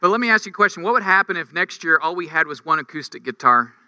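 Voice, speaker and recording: High-voiced, sharp, bright male preacher. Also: expressive, quick pace. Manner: conversational, rhetorical questions, rising emphatic peaks. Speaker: campus ministry preacher. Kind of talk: sermon.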